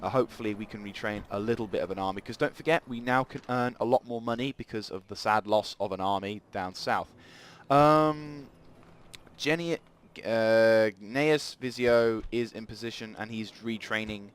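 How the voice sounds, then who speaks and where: A man's voice: on the low side, normal speed, clear, resonant tone. A man giving rambling let's play commentary at a desk mic, thinking aloud as he plays. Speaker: gaming channel host.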